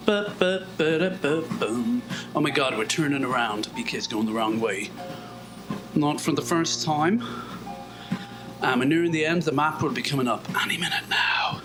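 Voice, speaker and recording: A man's voice: mid-range voice, normal speed, rough recording. An Irish man musing as he works out on a treadmill, rambling and self-mocking and often dropping to a murmur. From Ireland. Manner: self-mocking and rambling, murmurs asides under his breath. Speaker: video blogger. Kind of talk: musing commentary while exercising. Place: indoors on a treadmill. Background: calm instrumental music.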